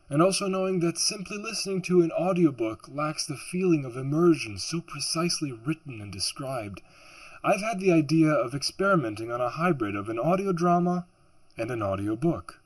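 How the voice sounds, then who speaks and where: A man giving a scripted, measured introduction to his audiobook project. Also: on the high side, rough recording. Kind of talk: scripted narration. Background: orchestral music.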